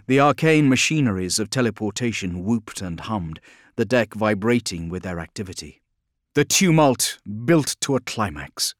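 Measured male audiobook narrator. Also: on the low side, no echo, clean studio sound. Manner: steady, measured storytelling. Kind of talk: scripted narration.

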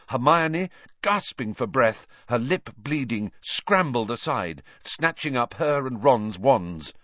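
A man narrating an audiobook with a dramatic, lively reading. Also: medium pitch, no room sound, lo-fi sound.

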